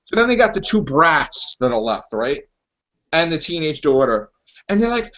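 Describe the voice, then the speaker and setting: This man's voice sits on the high side, swinging widely in pitch at a normal speed with a slightly bright tone. Hosting a casual movie review podcast, he rants in exasperated disbelief and performs quotes from the film, recorded as dull lo-fi audio.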